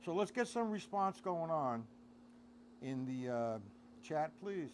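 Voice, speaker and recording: A man's voice: a little high, lively intonation, slow, a little hiss or hum. A middle-aged man giving a casual live-streamed drum lesson, counting beats aloud and talking to his chat. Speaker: drum teacher. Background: drum kit playing.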